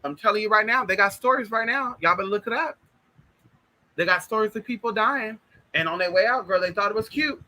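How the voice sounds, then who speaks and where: A man telling spiritual stories in an animated, chatty way, talking straight to his listeners. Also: high voice, a little fast, rough recording. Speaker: spiritual vlogger. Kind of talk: casual spiritual storytelling.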